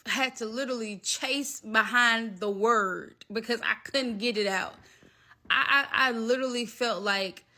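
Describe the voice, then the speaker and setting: A woman, telling a personal story in a lively vlog and talking straight to her viewers. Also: mid-range voice. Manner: animated, talks straight to viewers. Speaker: vlogger.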